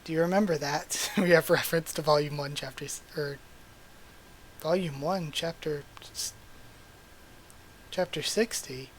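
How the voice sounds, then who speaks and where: Excited male host doing a live manga reaction, gushing, with a slightly high voice. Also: a little slow, long pauses, a little hiss or hum. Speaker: channel host.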